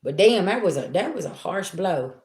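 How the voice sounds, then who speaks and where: This middle-aged tarot reader is very animated as she talks frankly and from the heart to her livestream audience, streetwise and cursing freely. Her lowish voice is a little mellow at normal speed, in a roomy-sounding space.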